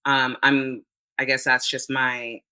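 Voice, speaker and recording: A woman talking as a podcast guest in a relaxed interview, chatty and often quoting herself. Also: rumbling low, slow, smooth, low-quality recording. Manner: chatty, quotes herself often, frequent restarts. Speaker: podcast guest, fitness competitor. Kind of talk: casual interview chat.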